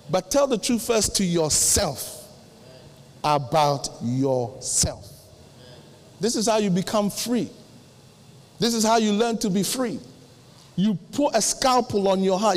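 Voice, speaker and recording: High-voiced preacher in an echoing hall. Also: male voice. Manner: acts out dialogues with sudden pitch jumps. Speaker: pastor. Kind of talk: sermon. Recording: long hall reverb.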